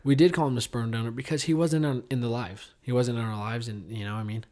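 A man chatting casually on a podcast, rambling through a story with many fillers and restarts. His voice sits in an ordinary middle pitch and drops quiet at heavy moments. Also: steady tone, fast. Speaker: podcast co-host. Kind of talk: casual chat.

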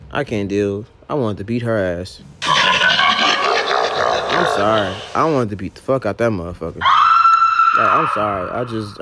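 A man's voice: medium pitch, heavy background noise. A young man and rideshare driver retelling a story about a passenger in an exasperated, profane, emphatic rant.

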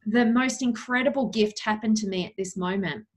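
A young woman guest in an interview, earnestly telling a personal story, slowing down for emphasis with frequent "you know" fillers. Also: medium pitch, husky.

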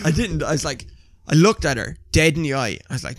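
A young man, an animated storyteller who swears freely in casual chat. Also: fairly high pitch, slow, long pauses, no echo, clean studio sound. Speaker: podcast co-host.

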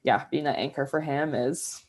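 A woman's voice: extremely low pitch, normal speed, a little mellow, slightly rough. A young woman co-hosting a casual podcast, talking candidly and animatedly with frequent laughs. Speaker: podcast co-host. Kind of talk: casual chat.

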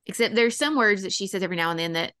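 A woman's voice: medium pitch, lively intonation, sharp tone, clear, resonant tone, no room sound, studio quality. A woman with a Southern American accent co-hosting a casual true-crime podcast, opinionated and sarcastic. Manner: opinionated, sarcastic, quick to laugh. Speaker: podcast co-host.

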